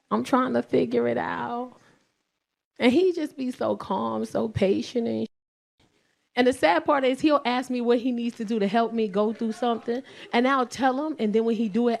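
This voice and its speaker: A brash woman in her forties with a New York accent, telling a profane stand-up set with loud bursts. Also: high voice, vocal fry. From South Bronx, New York. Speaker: stand-up comedian.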